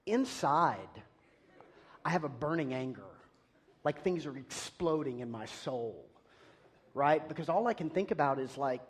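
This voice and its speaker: High-voiced man telling a sermon story. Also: moderate pace, breathy edge. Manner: animated self-deprecating storytelling. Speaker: preacher.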